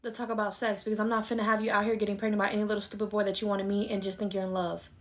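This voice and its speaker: A woman's voice: mid-range voice, level tone, racing, lightly acted. A woman playing a bossy middle-aged mother who dotes on her son and scolds her daughter in a comedy skit. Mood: lecturing. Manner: scolding, dismissive, indignant. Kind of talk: skit role-play.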